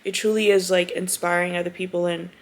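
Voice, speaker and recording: A woman's voice: lowish voice, little pitch movement, fast. A young woman vlogging from home, talking heartfelt and close to tears, with lots of "like" and "you know", then chatty, calling viewers "y'all" and "girl". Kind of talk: emotional personal vlog talk to camera.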